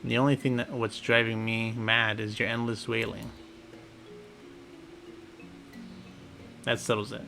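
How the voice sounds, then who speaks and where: A man voicing a brash, rough-spoken woman sailor who blusters and scolds, for a video game. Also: fairly low pitch, flat delivery, brisk, bright, forceful tone, faint music behind. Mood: defiant.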